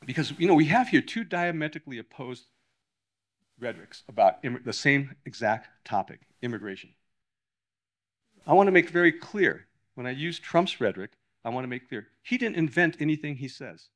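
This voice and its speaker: A man's voice: on the high side, lively intonation, moderate pace, fairly bright tone. An older man lecturing to a live audience in a hall, talking emphatically with frequent restarts and self-corrections. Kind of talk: public lecture.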